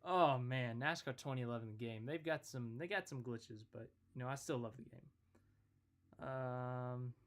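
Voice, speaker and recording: A young man talks loosely on a live stream, drifting from one thought to the next as he greets viewers by name. His voice sits at an ordinary middle pitch, and his tone stays relaxed and conversational. He talks straight into a desk mic. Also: measured pace. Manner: rambling, chatty, reads out viewer comments. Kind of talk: casual live stream chat.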